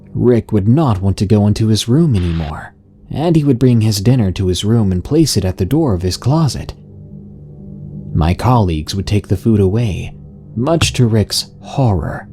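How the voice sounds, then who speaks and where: A man narrating a scary story in a slow, even, scripted storytelling delivery. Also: fairly low pitch.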